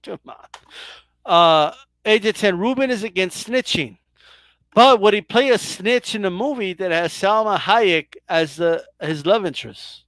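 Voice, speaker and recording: Slow-talking teasing male host. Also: sits high, fairly bright tone, no echo. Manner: teasing, repeats a jab in slow drawn-out words. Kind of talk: comic interview.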